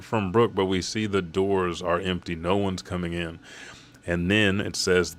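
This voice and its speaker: A man's voice: low-pitched, steady tone, measured pace, fairly bright tone. A man casually recapping a manga chapter, rambling and swearing as he goes.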